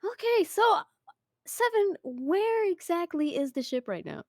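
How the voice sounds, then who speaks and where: A woman playing a tabletop game, lively and playful, with frequent hesitations. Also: very high voice, a little slow, dry recording, clean studio sound. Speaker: player. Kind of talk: casual tabletop play.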